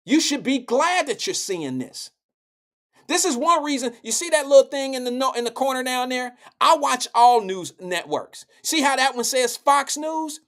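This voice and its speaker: Blunt, profane man with a high voice. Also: fairly bright tone. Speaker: live show host. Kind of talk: political commentary.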